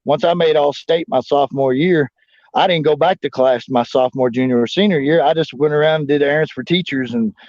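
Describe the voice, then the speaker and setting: A man's voice: fairly high pitch, fairly quick, a little mellow, no room sound. Profane rambling man, dull dry audio. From United States. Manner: profane, rambling, heavy filler 'you know what I'm saying'. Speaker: interview guest, former wrestler and Marine. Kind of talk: casual storytelling shoot interview.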